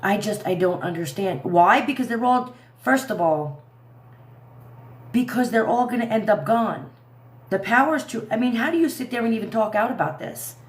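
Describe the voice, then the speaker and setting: A woman's voice: on the high side, lively intonation, normal speed, roomy sound. A woman in her thirties hosting a casual livestream, talking to her viewers in an indignant, rambling way. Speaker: livestream commentary host.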